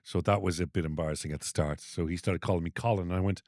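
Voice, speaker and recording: A man's voice: steady tone, fast, darkish tone, no echo, clean studio sound. An older man co-hosting a podcast, telling a story in casual chat and acting out the dialogue. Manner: storytelling, acts out dialogue with rising pitch. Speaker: podcast co-host.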